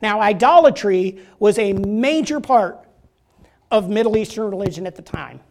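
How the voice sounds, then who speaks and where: A man's voice: high voice, lively intonation, normal speed. Joking, conversational male preacher. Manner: joking, conversational, asks the crowd "right?". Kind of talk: casual sermon. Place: church.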